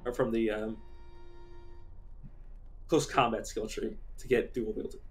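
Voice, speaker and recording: A man's voice: lowish voice, fairly even intonation, a little slow, soft background music. Chatty man streaming a game. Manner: chatty, rambling, swears casually. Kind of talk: casual gameplay commentary.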